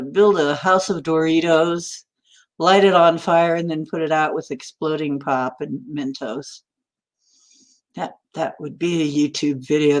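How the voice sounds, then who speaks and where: A woman hosting a casual chat, rambling and giggling between puns and jokes. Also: low voice.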